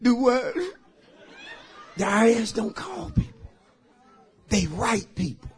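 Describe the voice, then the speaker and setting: A man preaching a sermon as pastor, swinging between shouted lines and near-whispers. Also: high-pitched, very animated, a little slow, husky, a faint crowd.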